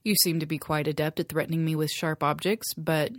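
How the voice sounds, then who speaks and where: A woman's voice: deep voice, steady tone, fairly quick, no echo, studio quality, natural voice. A woman doing a cocky Irish sea captain. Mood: teasing. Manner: teasing, taunting.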